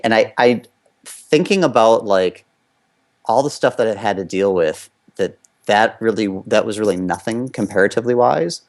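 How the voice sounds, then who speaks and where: A man's voice: on the low side, normal speed, a little mellow. A man from the United States, an interview guest and former competitive skater, telling a candid personal story in loose, conversational run-on sentences full of fillers.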